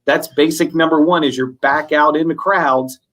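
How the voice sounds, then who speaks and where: A man co-hosting a sales webinar, talking through anecdotes in a relaxed, conversational way. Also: fairly high pitch, moderate pace. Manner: conversational, recounts anecdotes with fillers. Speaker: webinar co-host. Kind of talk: casual webinar chat.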